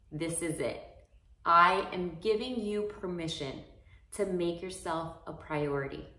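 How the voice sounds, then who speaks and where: Woman coach, earnest and encouraging, lowish voice, rambling talk; roomy, distant mic. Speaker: fitness coach and business owner. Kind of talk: motivational talk to camera. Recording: roomy echo, mic far off.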